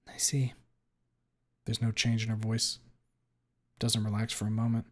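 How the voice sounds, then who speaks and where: A man reading a first-person story aloud on his stream, shifting from hushed breathing to clipped, profane anger. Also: fairly low pitch, monotone, moderate pace. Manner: hushed, then swearing and tightly angry.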